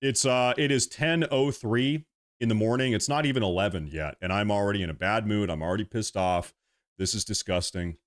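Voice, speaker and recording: A man's voice: fairly low pitch, fairly quick. A man hosting a live stream, reading super chats aloud and ranting in an agitated, repetitive way full of restarts. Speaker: livestream host.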